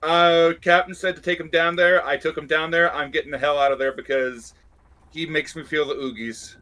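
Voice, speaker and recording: A skittish pirate crewman, put on by a man with a somewhat raised, bright voice. He speaks bluntly and plainly, like a deckhand who wants no part of anything strange. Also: on the high side, fairly even intonation, normal speed, pitched above the performer's own voice. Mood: squeamish. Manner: blunt, folksy talk.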